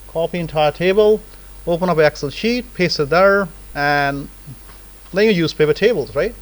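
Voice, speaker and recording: A man gives a live software lesson, talking students through each click in a loose, conversational way. His voice sits a little high for a man, and he keeps tagging sentences with "right?" and "okay?". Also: rough recording. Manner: casual, repeats "right?" and "okay?" as check-ins. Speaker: lecturer. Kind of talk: live software tutorial lecture.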